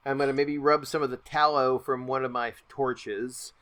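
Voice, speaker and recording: A man with a medium-pitched voice, speaking at a moderate pace, plays a tabletop role-playing game. Between his character's moves he jokes, rambles, and throws in animated asides.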